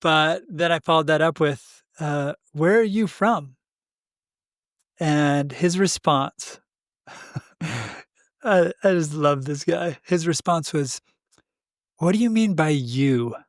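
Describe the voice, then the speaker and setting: A man's voice: a little high, takes it slowly, long pauses, dry recording. The man speaks in a slightly raised register and tells his story with animation, voicing the other people in it and breaking into laughter. The sound is dry and close, with no room around it. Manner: animated, acts out quoted dialogue, laughs often. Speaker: podcast co-host. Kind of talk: casual conversational storytelling.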